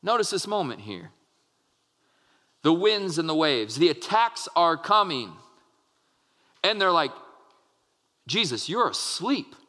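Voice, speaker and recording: Guy pastor preaching, high bright voice, slow and earnest, big echoey hall. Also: sing-song. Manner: earnest, with frequent restarts and quoted dialogue. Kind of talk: sermon. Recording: long hall reverb.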